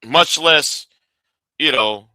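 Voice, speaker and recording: A man's voice: fairly high pitch, very slow, sharp tone, dry recording. A man hosting a live stream, ranting and arguing, often stumbling and repeating his words as he restarts sentences.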